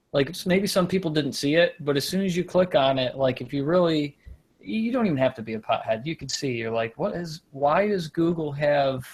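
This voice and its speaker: A man of middle pitch hosts a loose comedy show, joking his way through rambling stories. He wanders off his point and laughs at himself, keeping the banter casual. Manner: rambling, self-deprecating, loses his point. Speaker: podcast host.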